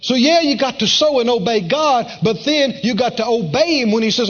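A male preacher giving a folksy, animated sermon, telling the story in a lively way, in a dull lo-fi recording. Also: extremely high pitch, fairly quick.

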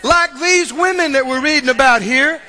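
A male preacher delivering an animated sermon and calling for answers from the congregation. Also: very high-pitched, normal speed. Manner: animated, calls for responses from the congregation. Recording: long church-hall reverb.

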